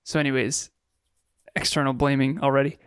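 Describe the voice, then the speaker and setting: A man's voice: medium pitch, level tone, brisk, clean tone. A man in his thirties co-hosting a podcast, telling stories in an earnest, reflective way. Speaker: podcast co-host. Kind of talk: casual chat.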